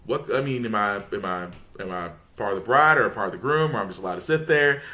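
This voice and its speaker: Bright-voiced man hosting a podcast. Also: lowish voice, expressive, fast. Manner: conversational, rambling with restarts. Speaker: podcast host. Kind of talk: casual podcast monologue.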